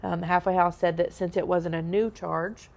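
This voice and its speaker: A woman's voice: fairly low pitch, fairly even intonation, normal speed, vocal fry. A woman, a podcast guest, candidly telling her own life story in a conversational way, often saying um and like. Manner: conversational, frequent "um" and "like".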